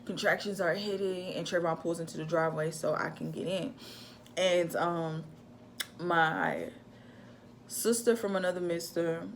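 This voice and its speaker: A young woman casually telling a personal story to camera in an animated, chatty way. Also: lowish voice, measured pace, slight background noise. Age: young adult. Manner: animated, chatty, acts out her own shouts in quotes. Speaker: vlogger telling a birth story.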